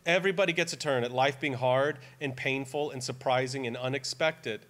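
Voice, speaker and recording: A man in his forties preaching a sermon as pastor, earnest and emphatic, dropping to a soft, tearful tone during personal stories. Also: medium pitch, normal speed. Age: 40s. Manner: earnest, emphatic, grows quiet and tearful when telling a personal story. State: near tears at times.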